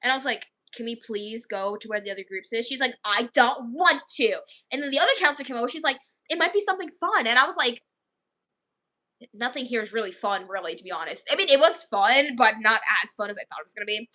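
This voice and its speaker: With a fairly high, sharp-toned voice, a young woman vlogs an anecdote quickly and animatedly. Her delivery is relaxed and talkative, loaded with "like," and she imitates the kids as she repeats their words.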